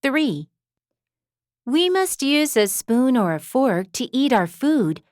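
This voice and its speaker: A woman reads short parenting phrases slowly and with great care, her fairly high voice rising and falling in a lively, sing-song way. She sounds gentle and patient, as if she were talking to a small child. The recording is close and dry, with no room sound at all. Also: dry recording. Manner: gentle, slow and clearly enunciated, as if speaking to a child. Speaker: example sentence reader. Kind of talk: scripted reading of parenting phrases.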